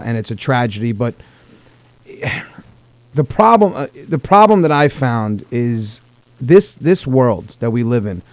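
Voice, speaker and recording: A man's voice: medium pitch, darkish tone, no room sound. Emotional man with a dry, close sound. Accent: New York-New Jersey Italian-American. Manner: emotional, swearing, repeats words when moved. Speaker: comedian podcast host. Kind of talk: earnest personal talk on a comedy podcast.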